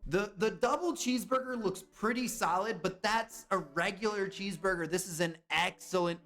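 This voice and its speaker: A young man chatting casually on a live stream, excitable and swearing when he guesses wrong. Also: high voice, normal speed, hardly any pauses, soft background music. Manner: excitable, swears and yelps at misses.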